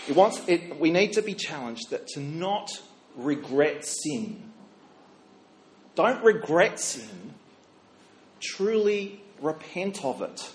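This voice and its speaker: A middle-aged man, a minister, preaching a sermon in a chatty storytelling way, with fillers and self-corrections. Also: a little high.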